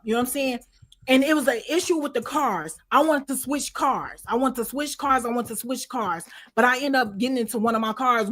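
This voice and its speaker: A woman's voice: on the high side, fairly bright tone. A woman being interviewed, telling a long story in a loose, slangy way and often checking in with the listener. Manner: slangy, repeats "you know what I'm saying". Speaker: interview guest.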